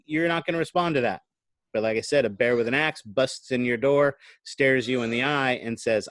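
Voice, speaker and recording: A man's voice: medium pitch, moderate pace, a bit bright, no echo. A man giving a recorded online lecture into a computer microphone, explaining things conversationally and often checking in with "right?". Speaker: college lecturer.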